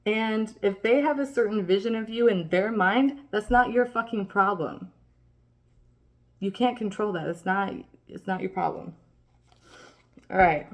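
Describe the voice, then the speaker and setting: A woman giving a casual tarot reading, swearing freely as she rambles and reassures the listener. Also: medium pitch. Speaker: tarot reader.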